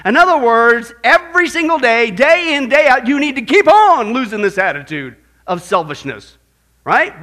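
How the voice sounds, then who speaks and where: A man's voice: extremely high pitch, bright, forceful tone. A man preaching a sermon as pastor, emphatic and jokey, often checking in with his listeners by asking "right?".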